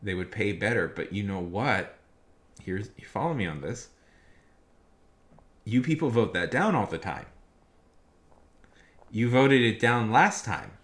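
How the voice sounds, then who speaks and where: Young male streamer, low voice with a lively, bright edge, rambling casual chat full of "like". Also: unhurried, long pauses. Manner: rambling, lots of fillers, rants loudly when worked up.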